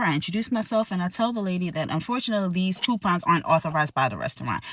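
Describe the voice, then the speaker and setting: A woman's voice: fairly low pitch, a bit bright, no room sound, distant mic. A woman, a restaurant manager, telling a workplace story in a sarcastic, exasperated way. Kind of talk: storytime rant.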